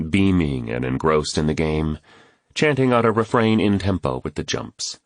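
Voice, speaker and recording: A man narrating an audiobook in a measured, steady storytelling way into a close studio mic. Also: low-pitched, no room sound.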